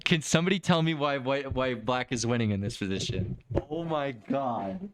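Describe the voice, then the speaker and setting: A man streaming a chess game review, excitable and quick to exclaim and laugh as he talks to his viewers. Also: medium pitch, no echo.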